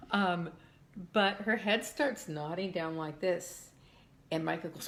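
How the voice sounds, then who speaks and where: Older lady reminiscing at home, kinda low voice, acts out the people she talks about. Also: unhurried, gravelly, a little hiss or hum. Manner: animated storytelling, acts out voices. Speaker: mother of a former child actor. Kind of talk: reminiscing interview. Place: home in Texas.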